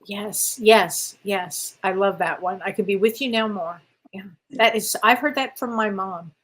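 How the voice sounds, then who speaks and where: A woman, a medium, chatting casually about spirit experiences, quick to affirm with yes and right. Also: mid-range voice. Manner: warm, affirming, frequent yeses. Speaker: medium, co-host.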